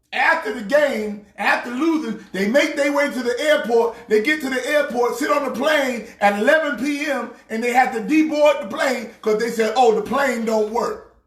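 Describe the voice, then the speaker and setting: A pastor mocking a football team in a loud comedic rant, often shouting. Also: male voice, very high voice, animated, normal speed. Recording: echoey room.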